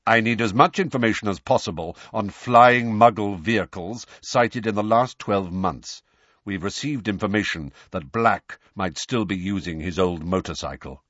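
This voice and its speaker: A man voicing a brusque, calm senior male wizard officer who speaks in a deep, measured way, in a storybook reading. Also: breathy edge, no echo. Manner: deep, measured, low-key. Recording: dull, dry lo-fi recording.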